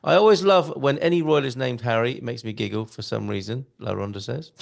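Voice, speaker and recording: A man's voice: medium pitch, a little fast, creaky. A male live-stream host reading out viewer comments in a chatty, jokey way, with many fillers and hesitations.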